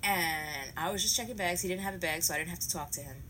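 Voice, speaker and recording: A woman telling a comic story in a profane, animated way, acting out each part. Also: lowish voice, quick pace, slight background noise, rough recording.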